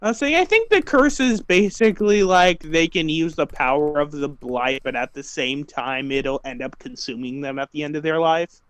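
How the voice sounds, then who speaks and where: Young man, role-play player, teasing and laughing, higher voice, dry sound. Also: normal speed, hardly any pauses, clear, resonant tone, dry recording. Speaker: player in a tabletop game. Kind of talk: casual chat with a sibling.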